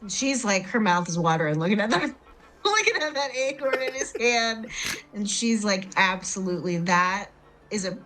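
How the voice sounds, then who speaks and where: A woman's voice: fairly high pitch, very animated, moderate pace, a bit bright, rough recording. A woman playing a tabletop game, speaking in character in a chatty, rambling way. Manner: chatty and rambling, with many I means. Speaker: player.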